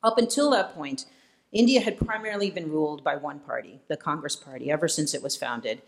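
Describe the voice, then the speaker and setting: A man from Iowa, a guest speaker giving a public lecture, relaxed and self-deprecating, with frequent "uh" fillers. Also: a little high, a little fast, creaky. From Iowa, United States. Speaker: guest speaker, policy fellow. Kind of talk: public lecture with personal anecdotes. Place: event hall before an audience.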